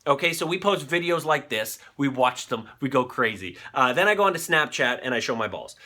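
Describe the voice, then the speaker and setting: A man hosting a live online show, reacting excitedly to viral videos with frequent fillers and swearing. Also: mid-range voice, fairly quick.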